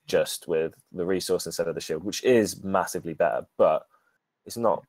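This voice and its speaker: A man with a deep, darkish voice talks at a moderate pace about a card game while co-hosting a casual podcast. He wanders off track, laughs and keeps correcting himself, and there is no room sound in the recording.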